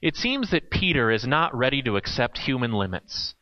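A man's voice: medium pitch, sing-song, moderate pace, dull audio. A man preaching a sermon in a conversational way, with playful asides.

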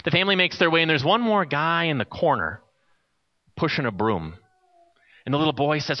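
A male pastor preaching an expressive sermon and telling stories, in a dull lo-fi recording. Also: mid-range voice, fairly quick. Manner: expressive storyteller, softening to a quiet close.

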